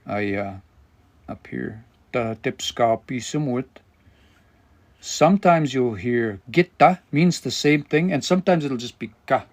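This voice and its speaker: A man leads a live language lesson, his voice gravelly with fry. He talks things through out loud, stopping now and then to find the right word while he explains the grammar. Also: medium pitch, lively intonation, a little slow. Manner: thinking aloud, explanatory, searching for words. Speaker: language teacher and livestream host.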